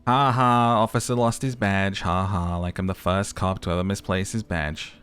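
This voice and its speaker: A man voicing a male detective who has lost his memory, speaking in a halting, flustered way. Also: lowish voice, faint music behind, close to an everyday voice.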